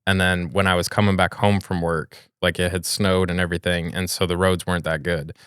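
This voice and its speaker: A man's voice: low-pitched, level tone, brisk, fairly bright tone, clear, resonant tone, dry recording, clean studio sound. A man from New York co-hosting a podcast, talking in a casual, blunt, ranting way and swearing freely. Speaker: podcast co-host. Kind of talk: casual chat.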